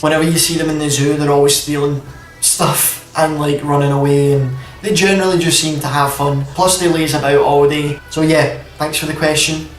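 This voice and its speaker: A man's voice: on the high side, echoey room, recorded from a distance, poor audio. A man in his twenties with a Scottish accent, chatting casually through a Q&A vlog from home with lots of fillers. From Scotland. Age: 20s. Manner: chatty, rambling, many fillers. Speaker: YouTube gaming channel host. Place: room at home at night. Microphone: camera on tripod.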